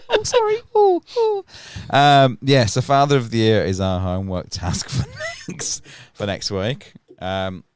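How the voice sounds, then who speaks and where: A man's voice: lowish voice, fairly even intonation, a little slow, few pauses, slight background noise. A man co-hosting a podcast, chatting bluntly with lots of swearing and laughter. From United Kingdom. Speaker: podcast co-host. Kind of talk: casual sweary banter.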